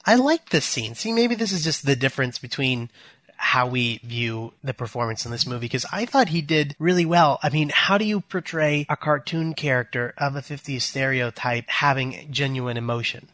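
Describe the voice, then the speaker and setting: A man in a casual film discussion who explains his views earnestly and with energy. His voice sits at a middle pitch. The recording is dry and close, with no room sound. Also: moderate pace, dry recording. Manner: earnest, animated. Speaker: podcast co-host.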